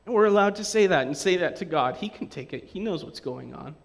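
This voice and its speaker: A man preaching a sermon to a congregation, in a lively, conversational way, acting out the quotes he reads. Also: high-pitched, a little fast, vocal fry. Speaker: pastor.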